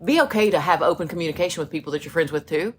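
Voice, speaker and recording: Podcast co-host: woman, deep voice for her sex, chatty storyteller, faint room hiss. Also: racing. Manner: chatty storyteller, acts out quoted friends. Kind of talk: casual chat.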